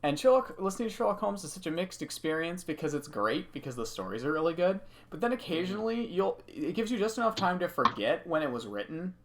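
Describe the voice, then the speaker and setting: A man streaming from home, chatting casually and retelling a story in a loose, animated way. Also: high-pitched, quick pace, hardly any pauses, a little hiss or hum. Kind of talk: casual chat while gaming.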